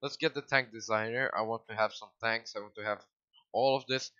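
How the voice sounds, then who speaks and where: A man giving casual, excitable commentary while livestreaming a strategy game, swearing and breaking into sudden loud outbursts. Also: fairly low pitch, a little fast, no echo, lo-fi sound. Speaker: gaming livestreamer.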